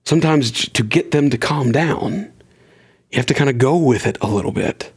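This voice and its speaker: A man's voice: medium pitch, expressive, normal speed, gravelly, husky. A man hosting a solo podcast, talking in an earnest, conversational way and shifting his pace for emphasis. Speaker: podcast host.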